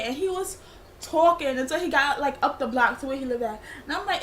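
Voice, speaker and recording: A young woman vlogger tells a rambling, slangy storytime for her vlog. Her voice is high-pitched, brisk, and fairly bright, with slight background noise.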